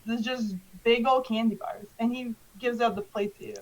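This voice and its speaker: A woman's voice: a little high, fairly even intonation, moderate pace, low-quality recording. A young woman narrating as game master of a tabletop game, laughing often and using many fillers.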